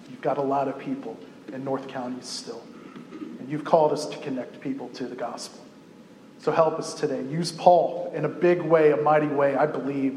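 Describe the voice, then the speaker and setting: Man praying in a flat monotone. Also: mid-range voice. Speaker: pastor leading prayer. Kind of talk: spoken prayer. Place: church sanctuary. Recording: echoey hall with faint room noise.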